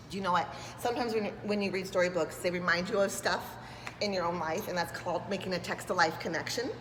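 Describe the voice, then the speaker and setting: A woman with a lowish voice reads to preschoolers a little fast, lively and enthusiastic, voicing the characters in a picture book. There's background noise, and the echoey space leaves a long reverb.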